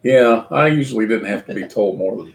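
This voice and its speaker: A middle-aged man with a Kentucky accent and a hoarse voice, hosting a live stream, chatting and joking as he reads viewer comments. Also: lowish voice, moderate pace. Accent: Southern US, Kentucky. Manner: chatty, joking, laughs often. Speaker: livestream host. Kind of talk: casual live chat reading viewer comments.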